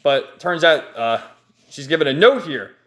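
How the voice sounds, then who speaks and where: Chuckling excited man recapping a comic. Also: a little high, normal speed. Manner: enthusiastic, chuckling often, rambling restarts. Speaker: manga reviewer. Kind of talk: casual page-by-page recap.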